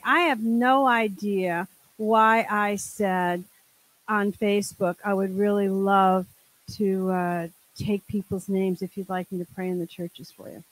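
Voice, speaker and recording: An older woman shares her story with a meeting group in a frank, humorous way. She drops exasperated asides into the telling and speaks at an ordinary middle pitch into a handheld microphone. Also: low-quality recording. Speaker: group member sharing.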